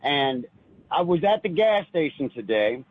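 A man calls in and tells his story in an earnest, rambling way, stumbling over repeated words. His voice sits on the high side and sounds husky. The line is thin and phone-like, with no room around it. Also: sing-song, measured pace, dry recording. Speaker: caller. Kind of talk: emotional call-in storytelling.

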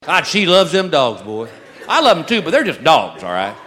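A married man doing a stand-up comedy routine, with a dry, deadpan delivery as he tells his stories. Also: on the high side, moderate pace, a crowd in the background. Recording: live club audience noise. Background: audience laughter.

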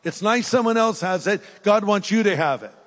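An older man preaching a sermon with an altar call, earnest and pleading, swinging between raised emphasis and hushed, soft appeals. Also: high-pitched, normal speed, long reverb tail. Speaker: pastor. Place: church hall with live audience.

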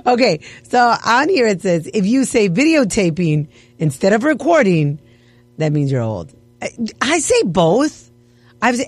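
A woman's voice: medium pitch, measured pace, no room sound. A woman radio host chatting casually, laughing and playfully acting offended. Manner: animated, laughing, mock-offended. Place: radio studio. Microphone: studio mic.

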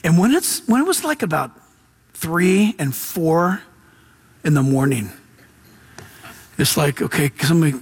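A man with a notably high voice preaches to his congregation. He talks in a relaxed, animated way, full of slang and quick asides. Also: slightly rough. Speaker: pastor. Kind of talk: sermon.

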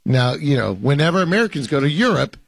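A man's voice: on the high side, sing-song, quick pace, vocal fry, no echo. A man hosting a casual sports talk show, rambling with lots of fillers and laughs. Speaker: host.

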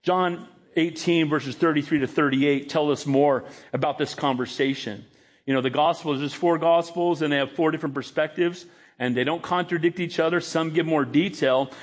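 High-pitched guy preaching, emphatic, dramatic storytelling. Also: steady tone, moderate pace. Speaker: pastor. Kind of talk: sermon.

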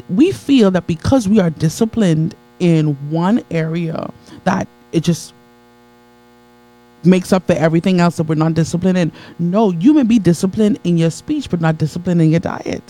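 A man preaching a motivational sermon to a live audience, building with repetition and call-and-response, swinging from soft low asides to high excited peaks. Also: moderate pace, soft background music, poor audio. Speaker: motivational speaker.

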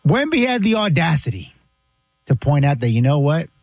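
Emphatic sports-talk man, expressive pitch. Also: moderate pace, gravelly, no echo. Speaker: sports talk show host. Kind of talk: sports commentary.

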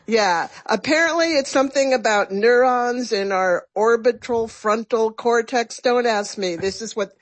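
A woman's voice: a little high, measured pace, hardly any pauses, no room sound. A woman, a resident chef, chatting enthusiastically on the radio and walking through a recipe. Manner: enthusiastic, laughs easily. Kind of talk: casual radio chat.

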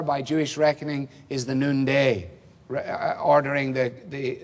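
Man preaching in a reverberant hall. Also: mid-range voice. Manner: measured, emphatic, rhetorical questions. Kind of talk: expository sermon.

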